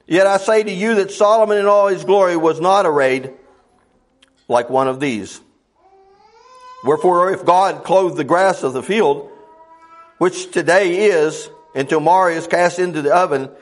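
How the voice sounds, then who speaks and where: This is a folksy sermon from a middle-aged man who quotes scripture in antique wording, his volume swinging from loud outbursts down to low murmurs.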